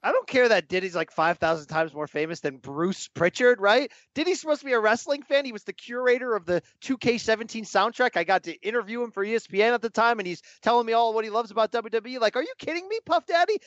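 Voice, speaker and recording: A man with a high voice argues with animated emphasis in a casual chat, firing off rhetorical questions. The recording is dull and lo-fi, and very dry. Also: fast talker, few pauses, no room sound. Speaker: podcast co-host.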